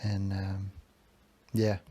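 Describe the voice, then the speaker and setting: A young man on a podcast, candidly telling personal dream stories in a rambling way, acting out the quoted lines with jumps in pitch. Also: completely flat delivery, extremely slow, dark tone, husky. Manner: rambling, candid, with frequent restarts and fillers. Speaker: podcast host. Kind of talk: casual personal storytelling.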